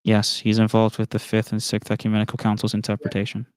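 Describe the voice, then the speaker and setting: A man's voice: lowish voice, monotone, fast, a little mellow, clear, resonant tone, no echo, studio quality. Assertive man in an online debate. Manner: assertive, lecturing, presses questions.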